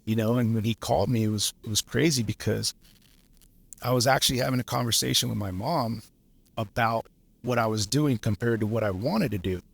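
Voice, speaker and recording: A man's voice: medium pitch, fairly quick, creaky, slightly rough, dry recording. A man, a lineman guest from Los Angeles, telling stories in a laid-back way, swearing freely and laughing as he goes. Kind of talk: casual storytelling.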